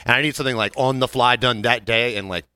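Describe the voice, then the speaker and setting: Man, podcast host, crude joking storyteller, bright voice, dry studio sound. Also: medium pitch, fairly even intonation, fast, smooth, dry recording. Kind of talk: casual chat.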